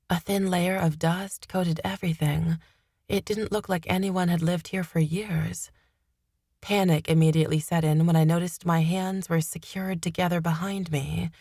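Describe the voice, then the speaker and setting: Female audiobook narrator, low, measured delivery, dry studio read. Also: a little mellow, dry recording. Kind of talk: first-person audiobook narration.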